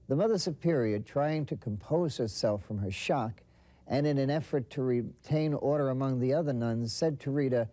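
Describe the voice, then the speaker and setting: A man narrating a saint's life story in a measured, storytelling way. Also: mid-range voice, mellow. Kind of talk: scripted documentary narration.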